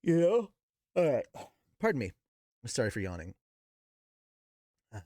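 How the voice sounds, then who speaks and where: A man's voice: medium pitch, a little slow, no echo, clean studio sound. A man reading a light novel aloud on stream and breaking off for casual, profane commentary. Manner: animated, profane, laughing asides.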